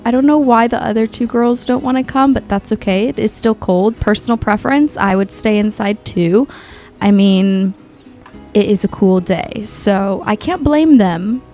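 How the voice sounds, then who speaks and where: Casual female game commentator, bright higher register, excitable and gushing, light music bed underneath. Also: unhurried. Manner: chatty and gushing, often exclaiming. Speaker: gaming YouTuber.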